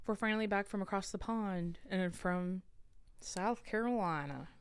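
Woman, young adult, podcast co-host, upbeat, playful, smooth voice, dry sound. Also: mid-range voice, moderate pace, dry recording. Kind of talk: casual chat.

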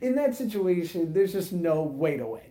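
A man in his thirties co-hosting a casual podcast, telling animated stories and laughing as he goes. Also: high-pitched, normal speed. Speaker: podcast co-host. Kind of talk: casual chat, storytelling.

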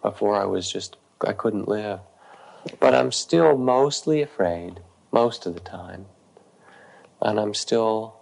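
A man quoting a troubled woman in therapy, in his own low, gravelly voice. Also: a little mellow, exaggerated voice, low-quality recording. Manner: quoted plainly by the narrator, sometimes whispering. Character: troubled woman, anguished then numb.

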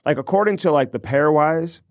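A man's voice: fairly high pitch, animated, a little fast, no room sound, clean studio sound. A man co-hosting a casual sports podcast, talking in a rambling, profane way with many restarts. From St. Louis area. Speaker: podcast co-host.

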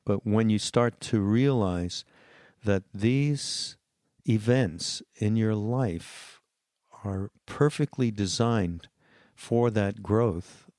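A podcast host with a low voice speaks very slowly and thoughtfully, pausing often between phrases. The recording is dry and close, with no room sound. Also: male voice, darkish tone, dry recording. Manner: slow and deliberate, with pauses and fillers. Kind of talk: reflective podcast intro.

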